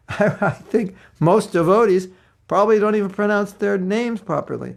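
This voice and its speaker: A man's voice: high voice, normal speed, creaky. A man giving a devotional class, telling stories and acting out the voices of the people in them. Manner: storytelling, acting out quoted voices. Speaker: spiritual teacher. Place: class setting.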